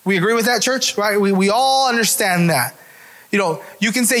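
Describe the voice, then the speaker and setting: Male pastor, high-pitched, delivering a loose, conversational sermon, restarts phrases and checks in with the crowd. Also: normal speed, fairly bright tone. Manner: restarts words often, keeps asking "right?".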